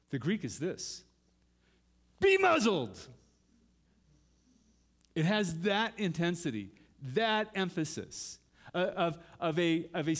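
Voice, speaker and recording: Middle-aged male preacher, high voice, theatrical scripture reading. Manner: dramatic, reads scripture aloud and acts out pleas to God. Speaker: pastor. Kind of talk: sermon.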